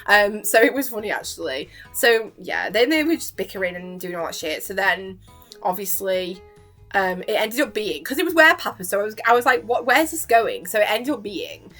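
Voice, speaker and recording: A woman's voice: mid-range voice, animated, normal speed, a bit bright, faint music behind. A young woman vlogging casually at home into a webcam, chatty and giggly, packing her talk with "like" as she recaps a cartoon episode. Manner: chatty and giggly, full of fillers like "like".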